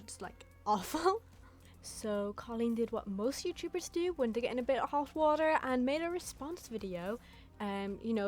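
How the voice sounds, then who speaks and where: A woman's voice: mid-range voice, darkish tone. A young woman giving casual, blunt commentary in a chatty vlog style, swearing freely. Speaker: YouTube commentator.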